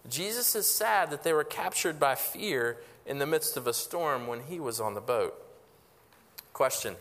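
A man's voice: on the high side, animated, a little slow, a bit bright, in a large hall. A pastor preaching a conversational sermon, asking rhetorical questions and often restarting his phrases.

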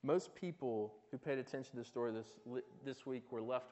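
A man's voice: mid-range voice, moderate pace, few pauses, a little mellow, lo-fi sound. A man preaching with rhetorical questions. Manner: conversational, asks the listeners rhetorical questions; often repeats and restarts words. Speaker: pastor. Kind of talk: sermon.

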